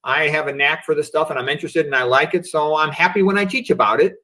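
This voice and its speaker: Reflective middle-aged man, higher voice. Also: quick pace, bright, forceful tone, poor audio. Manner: reflective, philosophical, peppered with "you know" and "okay". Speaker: physician guest. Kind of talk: casual livestream interview. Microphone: remote video call.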